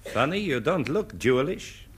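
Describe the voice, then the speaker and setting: A man putting on the voice of a gruff, deadpan old rabbi in a radio comedy sketch. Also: mid-range voice, a little slow, heavy background noise, pitched below the performer's own voice.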